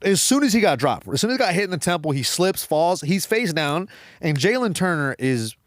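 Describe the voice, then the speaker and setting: A man co-hosting a casual sports podcast, talking in an excitable way and swearing freely. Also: on the high side, fairly quick, no echo, clean studio sound. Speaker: podcast co-host. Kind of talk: casual chat.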